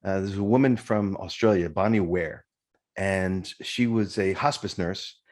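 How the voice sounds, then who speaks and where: Low-voiced reflective podcast host. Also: male voice, unhurried, darkish tone. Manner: reflective, sincere, addresses listeners. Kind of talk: podcast interview.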